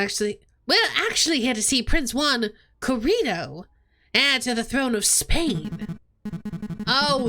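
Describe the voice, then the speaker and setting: A relaxed, blunt prison guard who sneers in easy slang, voiced lower than the performer's usual talk, by a woman putting him on. Light game music plays behind. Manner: laid-back, mocking, slangy. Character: casual male prison guard, cheerfully blunt.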